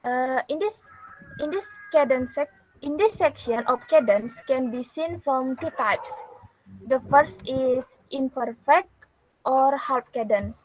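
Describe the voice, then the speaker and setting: A young woman, a university student, giving a class presentation in a careful, halting way with pauses. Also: high voice, animated, a little hiss or hum. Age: young adult. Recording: dull lo-fi recording.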